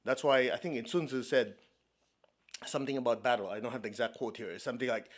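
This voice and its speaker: A man's voice: medium pitch, quick pace. A man from China giving a spiritual talk as a meditation teacher, conversational and playful, often checking in with his listeners. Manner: laughs often, playful asides.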